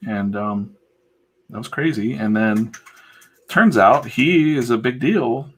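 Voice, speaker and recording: A man's voice: mid-range voice, takes it slowly, breathy edge. A man who livestreams himself drawing comics, telling a rambling, casual story full of fillers and asides. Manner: chatty, digressive, full of fillers.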